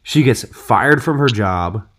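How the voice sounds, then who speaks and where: A man in a casual podcast discussion, telling stories in an animated way, full of "you know" and "dude". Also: medium pitch, slow pace. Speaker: podcast co-host.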